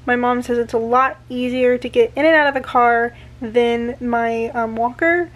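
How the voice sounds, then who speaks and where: A woman's voice: a little high, normal speed. A young woman talking casually to her camera at home, rambling with lots of fillers and restarts, a bit out of breath. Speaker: vlogger. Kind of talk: casual vlog. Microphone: handheld camera.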